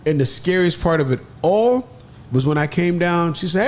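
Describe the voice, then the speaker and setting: A man telling a story in an animated way, with lively jumps in pitch as he acts out other people's voices. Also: normal speed. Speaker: podcast guest.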